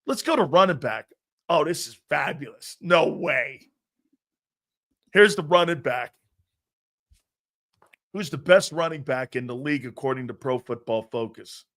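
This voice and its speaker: A loud, brash man hosts a live sports talk show, answering his viewers and laughing as he goes. His voice sits a little high for a man. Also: a little slow, long pauses. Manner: brash, loud and animated, often laughing at himself.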